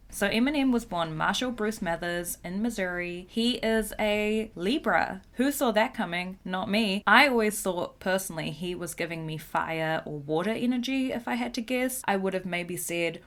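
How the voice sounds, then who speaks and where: A woman's voice: medium pitch, moderate pace. A young woman hosting a podcast, chatting casually and animatedly, with many "like"s and the odd swear word. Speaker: podcast host.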